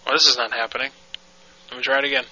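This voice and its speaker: A man's voice: medium pitch, little pitch movement, rapid-fire. A man hosting a prank-call comedy show, casual and amused with crude jokes, on a dull lo-fi recording. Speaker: show host.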